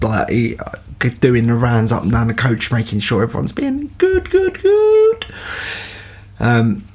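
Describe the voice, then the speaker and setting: Casting: man, gravelly and husky voice, rambling storyteller. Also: medium pitch. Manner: rambling, peppered with fillers. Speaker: podcast host telling stories. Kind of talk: casual anecdote.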